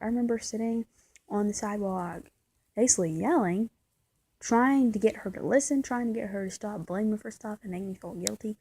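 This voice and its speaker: A woman's voice: mid-range voice, fairly quick, mellow, slightly rough, rough recording. A woman vlogger speaking in a candid, venting confessional monologue, often repeating and restarting her words.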